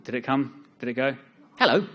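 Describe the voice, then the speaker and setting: A young man speaking at a live seminar, joking and self-deprecating, with lively asides to the audience. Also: medium pitch, normal speed.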